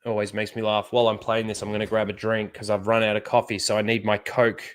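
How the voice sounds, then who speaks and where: A man's voice: on the low side, flat delivery, fast talker. A man hosting a casual livestream, swearing freely and chuckling often. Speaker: livestream host.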